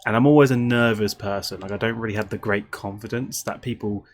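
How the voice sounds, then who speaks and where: Soft-spoken man, low voice. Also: steady tone, a little fast, slight background noise. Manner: soft-spoken, self-conscious. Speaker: video creator. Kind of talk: casual reflection.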